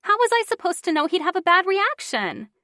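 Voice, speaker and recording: A woman's voice: very high voice, very animated, a little fast, pushed and bright, no room sound, clean studio sound, voice pushed up, exaggerated voice. A woman voicing a scheming young woman who sounds defensive and whiny.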